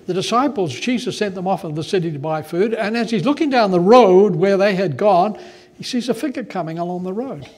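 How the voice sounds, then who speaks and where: Man, pastor, sermon, high voice, animated, conversational. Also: a little fast.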